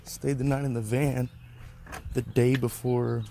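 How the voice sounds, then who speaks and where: Gravelly, rambling man with a phone. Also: mid-range voice, little pitch movement, a little slow, dark tone, a little hiss or hum. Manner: rambling, swears freely, thinks aloud. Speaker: podcast host, delivery driver. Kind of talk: casual rambling vlog. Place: outdoors at home.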